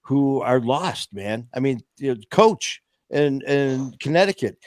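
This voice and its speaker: A man hosts a casual talk stream with impassioned, rambling storytelling. His voice sits at an ordinary middle pitch, and the filler words keep piling up. The sound is dry and close, with no room echo. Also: expressive, a little slow, darkish tone. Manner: impassioned, rambling, heavy with "you know" fillers. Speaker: host of a recovery talk stream.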